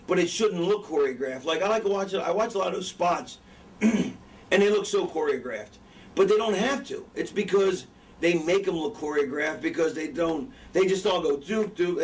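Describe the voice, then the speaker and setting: A man lecturing wrestling students in a casual, profane, rambling way, often losing his train of thought. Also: a little high. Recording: distant mic with background noise.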